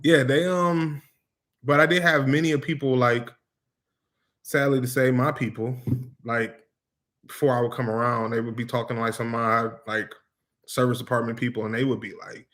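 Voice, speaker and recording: A man in a casual sit-down chat for a family vlog, telling stories at an easy, laid-back pace. His voice sits at an ordinary middle pitch, and his speech is loose and slangy. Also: fairly even intonation, moderate pace, fairly bright tone. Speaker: co-host of a family vlog channel.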